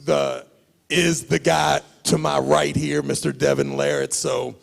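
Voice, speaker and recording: A man with a somewhat high, deeply gravelly voice sizes up a coming match. He delivers measured, emphatic verdicts, and a long reverb from the room trails his words. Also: level tone. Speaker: invited analyst at a press conference. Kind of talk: spoken match analysis. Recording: reverberant hall.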